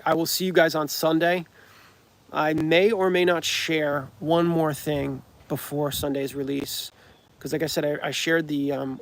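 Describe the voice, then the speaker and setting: A man's voice: a little high, gravelly. A man, a comedy creator, chatting casually on a livestream, rambling with many restarts and ums. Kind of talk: livestream chat.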